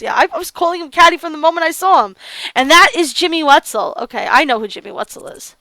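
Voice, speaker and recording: Animated high-voiced woman reading a game. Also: fast. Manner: animated, gasps and laughs in reaction. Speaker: let's play streamer. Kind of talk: reading a visual novel aloud with commentary.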